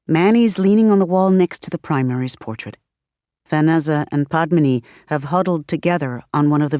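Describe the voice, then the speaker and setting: Low, dry-voiced woman for steady audiobook narration. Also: no room sound. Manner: steady, measured storytelling. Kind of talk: scripted narration.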